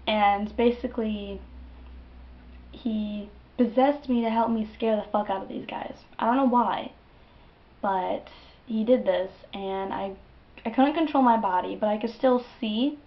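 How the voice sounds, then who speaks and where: A young woman vlogger telling a story to the camera in a casual, animated and profane way, with dramatic outbursts. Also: mid-range voice, a little slow, muffled recording.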